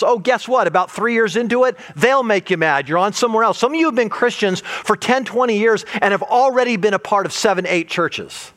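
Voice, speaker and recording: A man's voice: high-pitched, expressive, moderate pace, fairly bright tone. A male pastor preaching a sermon, acting out quoted complaints and stumbling into repeated words as he presses his point.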